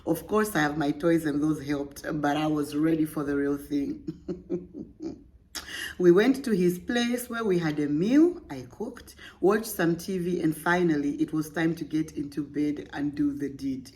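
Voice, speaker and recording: Lower-voiced woman podcast host. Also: unhurried, darkish tone. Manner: playful, laughing, teasing asides. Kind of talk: reading a listener story aloud with commentary.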